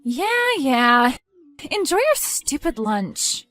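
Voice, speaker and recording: A woman's voice: high-pitched, big pitch swings, takes it slowly, fairly bright tone, soft background music, full character voice. A woman playing a demanding, sulky pregnant young girlfriend who whines and sneers. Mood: scornful. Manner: whiny, sarcastic.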